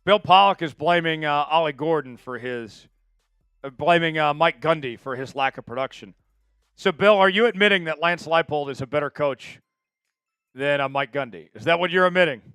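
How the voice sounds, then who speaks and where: A man's voice: fairly high pitch, moderate pace, clean tone, no room sound. A man hosting a live draft stream, chatting casually with viewers and hyping each pick. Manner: chatty, excitable, hypes viewers for likes.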